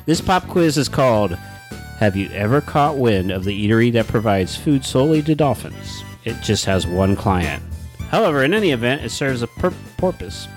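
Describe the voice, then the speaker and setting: A man co-hosting a comedic chat, spinning deadpan joke theories. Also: medium pitch, normal speed, faint music behind. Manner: deadpan, conspiratorial joking. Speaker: podcast co-host.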